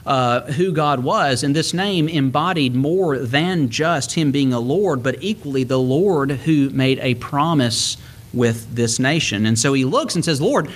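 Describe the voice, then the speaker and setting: A man delivers a sermon in an easy, conversational way. His voice sits at an ordinary pitch. He quotes scripture and tells stories from home, stretching some phrases and hurrying through others. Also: normal speed. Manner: conversational preaching with Bible quotes and home anecdotes. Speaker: preacher.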